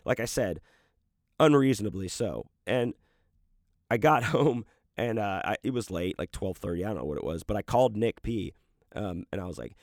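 A man's voice: fairly low pitch, expressive, normal speed, darkish tone, dry recording, clean studio sound. A man casually telling a personal story, rambling and swearing freely with lots of fillers. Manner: profane, rambling, full of fillers.

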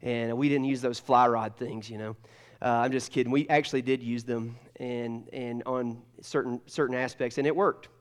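A man's voice: medium pitch, steady tone, moderate pace, clean tone. A man preaching a casual, joking sermon, telling stories with lots of restarts. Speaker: pastor. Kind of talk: conversational sermon.

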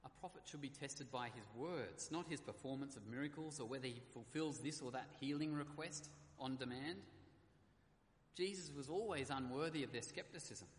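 A man's voice: on the high side, slight background noise. A man preaching a sermon, earnestly reading scripture aloud and stressing key words. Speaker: pastor. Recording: echoey hall with faint ambience.

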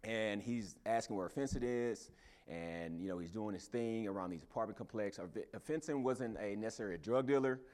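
A man's voice: lowish voice, brisk. Man telling a rambling story. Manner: animated, hesitant storytelling with many fillers. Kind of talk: storytelling sermon.

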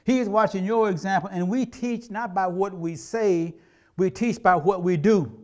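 A man's voice: high-pitched, moderate pace. A middle-aged man preaching a sermon as a pastor, in a conversational way, acting out quotes from everyday life.

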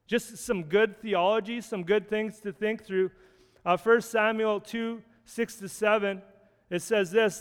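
A man's voice: high voice, clear, resonant tone, in a large hall. A man preaching a sermon in an earnest, conversational way, often restarting phrases as he reads and explains scripture. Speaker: pastor.

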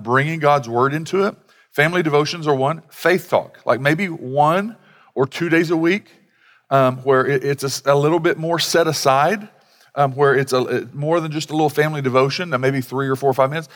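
Conversational man preaching in a reverberant hall. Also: medium pitch. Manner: conversational, animated storytelling with many fillers. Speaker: pastor. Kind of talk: sermon.

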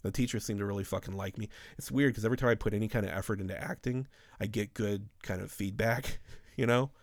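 A man's voice: lowish voice, steady tone, fast talker, dry recording, studio quality. Profane, rambling man in casual chat.

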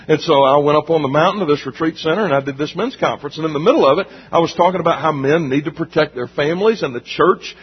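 Male pastor, emphatic, repetitive preaching style; slightly raspy, higher register; muffled recording in a reverberant church. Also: quick pace, hardly any pauses. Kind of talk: sermon. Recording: dull recording with long hall reverb.

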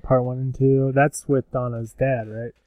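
Young man, podcast co-host, mellow and joking, dry mic. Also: medium pitch, flat delivery, no room sound. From United States. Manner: joking, fills pauses with "um". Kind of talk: casual podcast chat.

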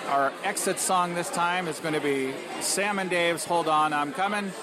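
A man's voice: high voice, moderate pace. Male host over crowd chatter. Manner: plain, informative, a few restarts. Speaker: event host. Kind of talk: closing announcements. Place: bar venue with a crowd. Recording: live room with crowd noise.

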